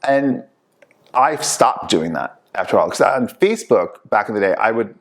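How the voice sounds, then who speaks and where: A man hosting a casual talk show, telling lively stories and acting out the people he quotes. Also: lowish voice, moderate pace. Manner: animated storyteller, acts out quoted people. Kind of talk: casual chat.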